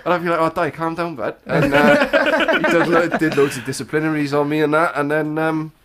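A man with a fairly high voice and a blunt, crude, wry way of talking. The chatter of a crowd carries clearly behind him. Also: animated, a little fast. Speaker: podcast co-host. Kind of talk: casual podcast chat.

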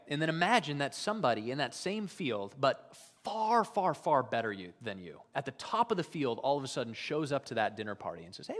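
A man preaching a sermon as pastor, swinging from hushed whispers to loud emphatic peaks and often checking in with "right?". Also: medium pitch, long reverb tail. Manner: conversational, uses "right?" often.

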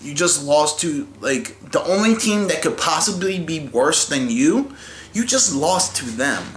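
A man's voice: fairly high pitch, animated, a little slow, a bit bright. Angry fan vlogger, male, swearing rant, roomy echo, faint hiss. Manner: profane, heated, mocking. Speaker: sports fan ranting. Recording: echoey room with faint noise.

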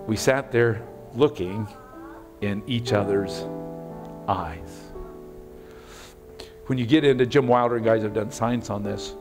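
A middle-aged man preaching as pastor in a church, talking conversationally and animatedly, with sudden loud bursts and hushed, intimate moments. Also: fairly low pitch, slow pace, long pauses, music in the background. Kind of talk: sermon. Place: church sanctuary.

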